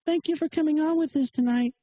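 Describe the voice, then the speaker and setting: A man mimicking a timid, awkward female radio host who halts and fills every pause with ums, over dull lo-fi stream audio. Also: very high-pitched, slight background noise, voice pushed up. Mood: hesitant. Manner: halting, full of ums.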